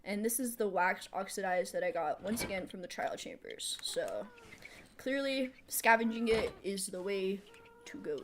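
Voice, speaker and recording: A woman's voice: medium pitch, expressive, moderate pace, a little hiss or hum. Chatty woman streaming a building game. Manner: chatty, answers chat aloud and laughs often; thinks out loud while building. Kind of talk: casual live gameplay commentary.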